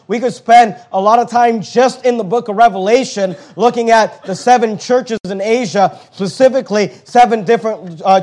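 A man's voice: sits high, a little mellow. A man pastor preaching a sermon, stressing key words emphatically.

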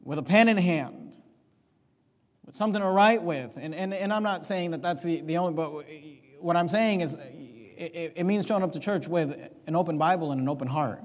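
A man preaching a sermon as pastor, moving between quiet reading and raised, emphatic preaching. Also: a little high, lively intonation, normal speed, big-room sound. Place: church sanctuary.

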